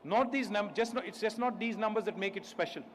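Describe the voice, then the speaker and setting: A man with an Indian English accent addresses an event audience in a fairly high voice, confident and emphatic, and he often poses rhetorical questions. A faint ambient noise sits under his speech. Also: a little fast. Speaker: state minister giving a speech.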